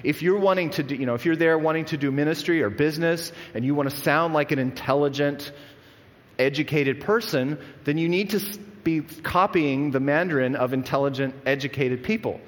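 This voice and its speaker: A man's voice: on the high side, brisk. Earnest male preacher in an echoing hall. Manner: earnest, conversational preaching with frequent restarts. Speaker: pastor. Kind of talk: sermon. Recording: long echo of a large hall.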